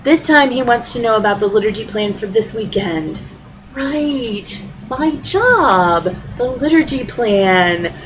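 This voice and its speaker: A woman's voice: fairly high pitch, takes it slowly, background noise. Wry middle-aged woman reading her essay. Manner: wry, deadpan storytelling. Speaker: student writer reading her own story. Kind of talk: reading a personal essay aloud.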